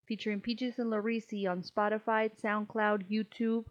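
A woman's voice: mid-range voice, level tone, normal speed. A woman co-hosting a podcast in casual chat, teasing and laughing often with slangy talk. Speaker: podcast co-host. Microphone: shared table microphone. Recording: dull lo-fi sound.

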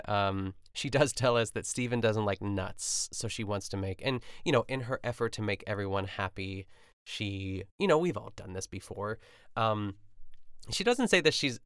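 A man's voice: fairly low pitch, vocal fry, fairly bright tone, smooth, no echo, clean studio sound. A young man hosting a podcast, chatting casually and rambling through a cooking show recap with lots of fillers and asides. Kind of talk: casual chat.

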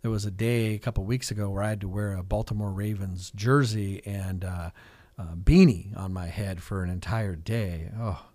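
A middle-aged man, a real estate agent and coach, talking in a chatty, energetic way with lots of "like" and "right?" in a casual radio interview. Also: lowish voice, normal speed, dry recording. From Fresno, California.

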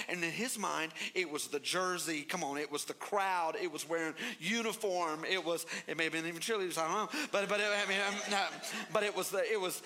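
A male pastor preaching a sermon, telling a story in an animated, playful way and acting out the voices in it. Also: sits high, a little hiss or hum.

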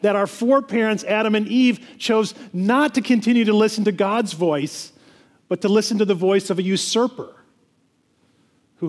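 A man with a high-pitched voice preaches a sermon to his congregation. He talks earnestly and often repeats words and restarts his phrases. His voice rings with a long reverb, as in a church sanctuary. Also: a little mellow. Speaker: pastor.

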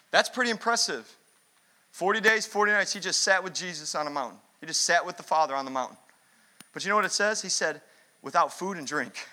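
A man's voice: high voice, pushed and bright, a little hiss or hum. A man preaching a fired-up sermon as pastor, emphatic and repetitive.

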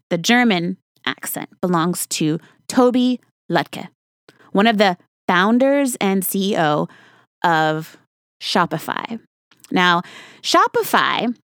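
A woman's voice: mid-range voice, no echo, studio quality. A woman hosting a podcast, chatting in a casual, enthusiastic, folksy way. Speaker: podcast host.

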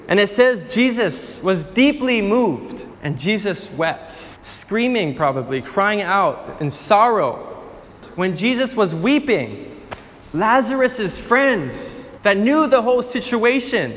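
High-pitched male preacher, emphatic storyteller who repeats lines for effect, long hall reverb. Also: sing-song, slow, fairly bright tone, a little hiss or hum. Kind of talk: sermon.

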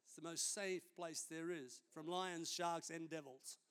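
A man's voice: a little high, steady tone, a little slow, a bit bright, clear, resonant tone. A man, a senior pastor preaching a sermon in a conversational, storytelling way during a church service.

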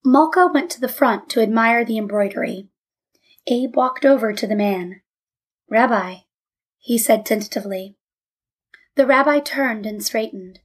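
A woman's voice: a little high, moderate pace. A woman narrating a story aloud, voicing the dialogue of several characters lightly. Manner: reads all characters in dialogue with light voice changes. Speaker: audiobook narrator. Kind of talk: scripted narration.

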